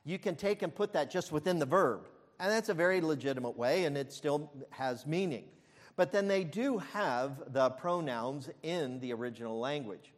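A man preaching a sermon as pastor, emphatic, with frequent fillers and restarts and loud peaks. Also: fairly high pitch, moderate pace, long reverb tail.

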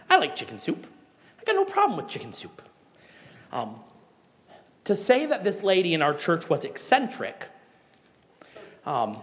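A Midwestern pastor with a notably high voice preaches a sermon to his congregation. He tells animated stories, then hammers home his points with emphatic exhortations, his voice ringing with long reverb as if filling a large church hall.

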